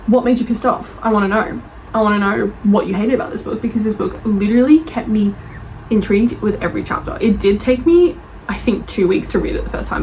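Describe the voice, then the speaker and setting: A young woman reading book reviews aloud and reacting with animated, defensive chat. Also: mid-range voice, a little hiss or hum, rough recording. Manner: animated, gushing, defensive, laughs often.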